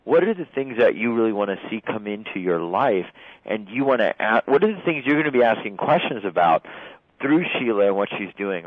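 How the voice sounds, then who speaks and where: A man with a low voice hosts a group call in a relaxed, reflective way. His sound is dry and narrow, like a phone line. He pauses often and restarts his sentences. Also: no room sound. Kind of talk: hosting a group video call. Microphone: video call.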